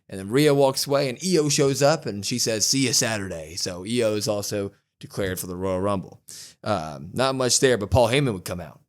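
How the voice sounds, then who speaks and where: A man co-hosting a podcast, retelling a wrestling show in a casual, animated way, quoting what was said. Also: mid-range voice. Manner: animated storytelling, quotes wrestlers. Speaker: podcast co-host. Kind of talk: casual wrestling recap chat.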